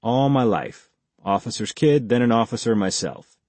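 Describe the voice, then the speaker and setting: A man's voice: medium pitch, lively intonation, moderate pace, darkish tone, dry recording, lightly acted. Man voicing a terse, guarded ex-army major. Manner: laconic, clipped, dry replies. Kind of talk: audiobook character voice.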